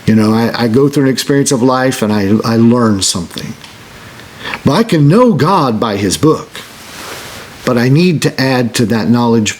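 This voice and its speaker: A man preaching a sermon as pastor, earnest, restarting phrases and slowing down on scripture. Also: lowish voice, slightly rough. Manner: earnest, repeats words when starting a phrase.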